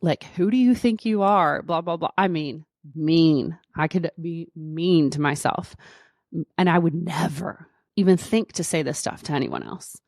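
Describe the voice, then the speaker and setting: A woman's voice: sits low, steady tone, a little slow, a little mellow, dry recording, studio quality. A woman doctor hosting her own podcast, telling a personal story in a chatty way with lots of fillers. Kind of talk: casual solo podcast storytelling.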